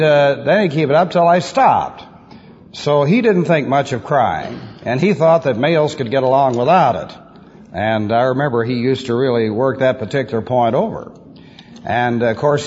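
A man's voice: a little high, darkish tone, husky. Man preaching in an echoing hall. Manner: emphatic, methodical, repeats key phrases. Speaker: pastor teaching doctrine. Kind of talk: sermon. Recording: lo-fi old recording in a reverberant hall.

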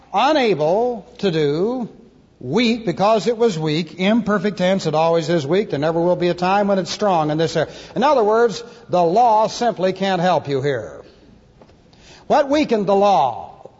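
A man's voice: high voice, very animated, moderate pace, a little mellow, slightly rough. A pastor preaching an expository sermon, teaching the Bible through Greek word study. He talks emphatically, spells out Greek words letter by letter and slips in dry jokes. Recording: lo-fi recording in a reverberant hall.

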